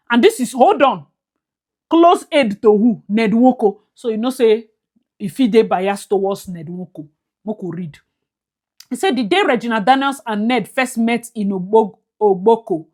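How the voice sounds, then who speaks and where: A young woman with a Nigerian accent giving casual commentary, mixing Pidgin into English, laughing often and swinging from loud to whispered. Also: fairly high pitch. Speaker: vlogger.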